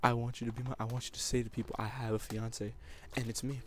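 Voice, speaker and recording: A young man pours his heart out over a gaming commentary and proposes to his girlfriend. He sounds teary and emotional, rambling and circling back with repeated words. His voice is mid-pitched but stays flat, with faint background hiss. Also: fast talker. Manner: rambling and repetitive, often saying basically. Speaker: YouTuber.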